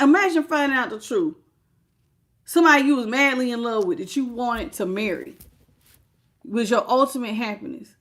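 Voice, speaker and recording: Emotional woman doing a tarot reading. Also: fairly high pitch. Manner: emotional, expressive, greets live chat. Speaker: tarot reader.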